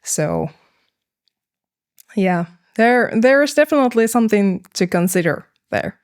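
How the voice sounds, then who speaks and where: A woman's voice: medium pitch, animated, measured pace, a little mellow, smooth. A young woman, a band's business person and vocalist, talking things over hesitantly in a casual podcast conversation. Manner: thoughtful, hesitant, with frequent fillers and laughs. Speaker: band manager and vocalist, podcast guest.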